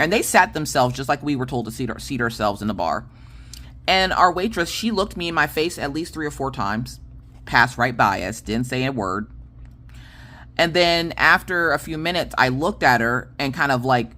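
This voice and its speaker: A woman in her late thirties casually telling a story, animated and punctuated with "okay?" asides, on a close mic. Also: sits low. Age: 30s. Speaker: crafting channel host.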